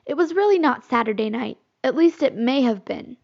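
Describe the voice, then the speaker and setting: A woman narrating a children's classic as an audiobook, in expressive storytelling. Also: sits high, normal speed, vocal fry. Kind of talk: audiobook reading. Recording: slightly muffled recording.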